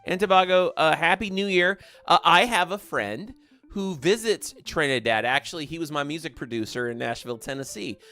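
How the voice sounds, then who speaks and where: Chatty male gaming streamer, bright voice. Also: a little high, animated, normal speed, soft background music. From American South. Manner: chatty, upbeat, thanks viewers by name. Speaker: livestream gaming host. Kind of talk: casual livestream chat reading viewer comments.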